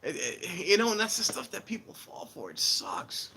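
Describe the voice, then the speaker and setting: A man hosting a casual trainspotting stream, rambling and animated, acting out the voices of people he quotes. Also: high voice, moderate pace, gravelly, slightly rough. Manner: warns viewers against scams. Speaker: railfan livestream host. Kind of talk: casual chat while filming trains.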